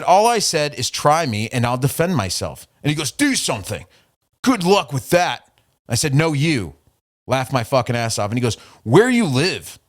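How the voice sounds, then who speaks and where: A man hosting a podcast, ranting profanely and mockingly while reading out an argument from his messages. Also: on the high side. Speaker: podcast host. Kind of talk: casual podcast rant.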